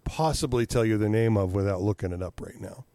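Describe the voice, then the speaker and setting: A man chatting casually, telling animated stories, swearing freely and acting out what people said. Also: fairly low pitch, brisk, no room sound, clean studio sound. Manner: animated storyteller, swears freely, acts out quotes. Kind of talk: casual chat.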